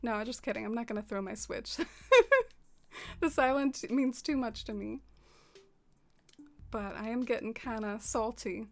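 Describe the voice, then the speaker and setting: A soft-spoken woman streaming and chatting casually with her viewers. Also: fairly high pitch, steady tone, measured pace, long pauses. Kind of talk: casual livestream chat.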